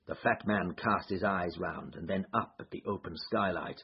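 A man narrating a story in measured audiobook style and voicing each character, on a dull lo-fi recording. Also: deep voice, vocal fry, slightly rough.

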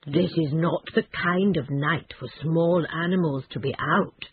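A woman voicing a deep-voiced, fatherly old male badger in a storybook, speaking slowly. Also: breathy edge, dry recording, full character voice. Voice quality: deep, slow. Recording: tinny phone-like band.

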